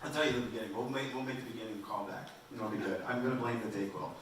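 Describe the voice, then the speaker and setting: A man doing a stand-up comedy set in a club, rambling and self-deprecating, with halting restarts. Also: mid-range voice, steady tone. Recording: roomy and distant, faint noise.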